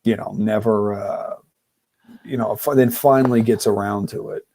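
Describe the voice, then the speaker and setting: A man's voice: fairly low pitch, fairly even intonation, moderate pace, creaky, a little mellow, no echo, clean studio sound. A man co-hosting a podcast, chatting casually about a film and thinking aloud as he rambles. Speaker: podcast co-host. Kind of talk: casual film-discussion chat.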